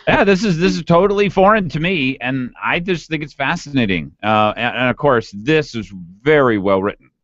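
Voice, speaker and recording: A man's voice: a little high, moderate pace, dry recording. A man co-hosting a morning talk radio show, talking with enthusiasm in casual banter. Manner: animated, enthusiastic. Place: radio studio. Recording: dull lo-fi dry radio studio sound.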